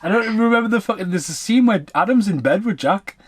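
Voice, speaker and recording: Podcast co-host: man, slightly high-pitched, animated and sweary, laughs through his anecdotes. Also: brisk, slightly rough, no room sound. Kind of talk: casual reunion podcast chat.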